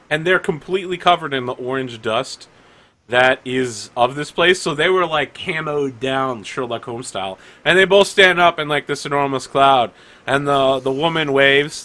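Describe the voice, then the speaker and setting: A man's voice: fairly high pitch, bright, forceful tone. A man narrating a tabletop game as game master, loose and rambling, with many fillers.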